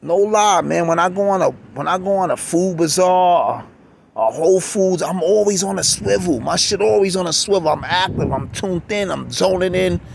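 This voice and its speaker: A man's voice: high-pitched, normal speed, creaky. A middle-aged man ranting insistently in the street, repeating himself and restarting phrases. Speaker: vlogger. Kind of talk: outdoor street rant. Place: city street outdoors. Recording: street traffic noise behind.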